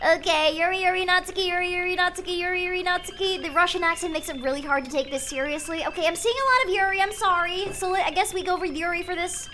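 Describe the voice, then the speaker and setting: A woman streaming a game live, chatting excitably with her viewers and swearing freely. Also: extremely high pitch, fast, hardly any pauses, slight background noise.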